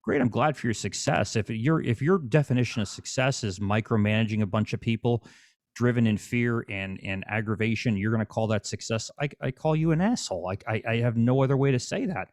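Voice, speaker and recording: A man's voice: mid-range voice, a little fast, darkish tone, dry recording, studio quality. A man hosting a casual interview, speaking bluntly and preachily and swearing freely. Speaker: podcast host.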